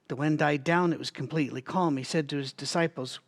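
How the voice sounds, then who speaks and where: A man with a fairly high voice runs a Bible study briskly, with few pauses, in a conversational teaching style. He thinks aloud, restarts and adds asides, and keeps coughing now and then.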